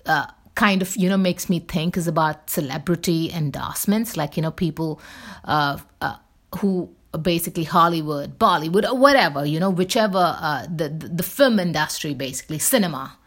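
A woman's voice: deep voice, normal speed, fairly bright tone. A woman hosting a casual solo talk show, rambling and candid with lots of fillers and restarts. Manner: candid, chatty. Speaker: show host.

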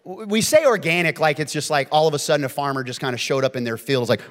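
A man preaching a sermon as pastor, telling stories with lively swings between loud and hushed delivery. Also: fairly high pitch, quick pace. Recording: long reverb of a church hall.

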